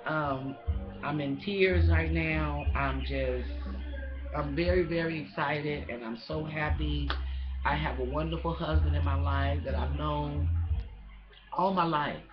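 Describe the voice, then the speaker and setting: A woman's voice: sits low, fairly even intonation, unhurried, muffled recording, over music. A woman vlogger in casual chat, emotional and gushing, often stumbling over her words with fillers.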